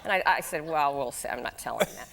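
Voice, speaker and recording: A woman in her forties, a talk show guest, telling animated anecdotes, laughing often and jumping into high voices when she quotes people. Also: fast, gravelly, a little hiss or hum.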